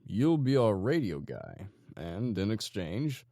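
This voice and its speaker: A man doing a calm, menacing gang leader. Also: lowish voice, no echo, studio quality, pitched above the performer's own voice, full character voice. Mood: calm menace. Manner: calm, slow and coaxing.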